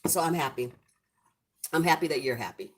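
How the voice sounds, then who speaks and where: Middle-aged woman, low warm speaking voice, chatty home cooking host talking to her viewers. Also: animated, moderate pace. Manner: chatty and affectionate, talking to the comments. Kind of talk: casual livestream chat with viewers. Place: home, lit by a ring light.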